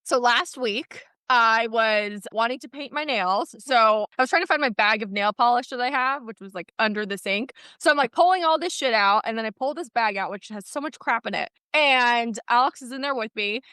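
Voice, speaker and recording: Young woman podcast cohost, high bright voice, swears a lot, dry close sound. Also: normal speed, hardly any pauses, smooth, dry recording. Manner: lively storyteller, swears often. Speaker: podcast co-host. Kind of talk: casual chat.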